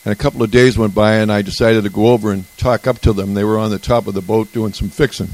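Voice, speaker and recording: A man's voice: on the low side, steady tone, fast, a little mellow, low-quality recording. Rambling man telling a story at a meeting. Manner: rambling and conversational, with restarts. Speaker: speaker sharing at a recovery meeting. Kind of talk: personal storytelling at a group meeting. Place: retreat meeting room.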